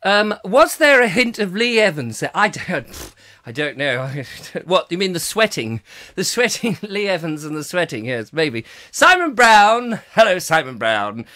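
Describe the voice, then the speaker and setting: Lively, bright-voiced comic host. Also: male voice, a little high, unhurried. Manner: jokey, rambling, laughing a lot. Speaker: chat show host. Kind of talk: comic live-stream chat reading comments.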